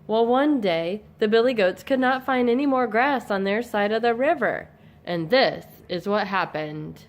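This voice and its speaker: Woman reading a fairy tale aloud. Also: a little high. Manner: measured, expressive read-aloud storytelling. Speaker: narrator. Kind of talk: storybook narration for a home family play.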